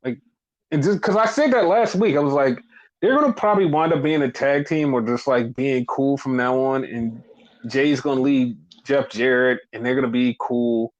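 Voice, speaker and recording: A man hosting a podcast, casually recapping wrestling in a profane, animated way and acting out what people said. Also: mid-range voice, normal speed, lo-fi sound. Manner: animated, profane, acts out quoted lines. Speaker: podcast host.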